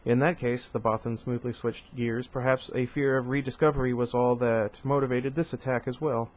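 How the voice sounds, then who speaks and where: A man's voice: mid-range voice, fairly even intonation, moderate pace. Man reading a novel aloud. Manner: stops to comment and restart lines. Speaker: reader.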